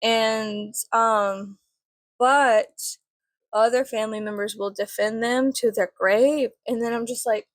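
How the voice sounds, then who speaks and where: A woman's voice: fairly high pitch, steady tone, slow, no room sound. A woman telling a story casually as she does her makeup, rambling with lots of fillers and frequent swearing. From Mexican family. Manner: chatty, swears often, filler-heavy, rambling. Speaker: vlogger.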